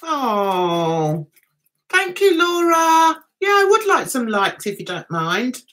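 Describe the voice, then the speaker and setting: Woman, high lively voice, giggly livestream chat, unhurried. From England. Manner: giggly, laughs often. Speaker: livestream host. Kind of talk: casual livestream chat reading comments.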